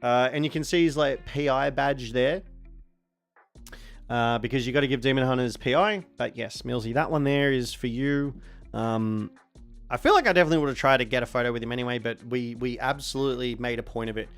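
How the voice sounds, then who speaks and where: A man in his forties with an Australian accent, chatting casually on a stream in a rambling way, sometimes bursting into excited shouting. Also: medium pitch, a little fast, faint music behind. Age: 40s.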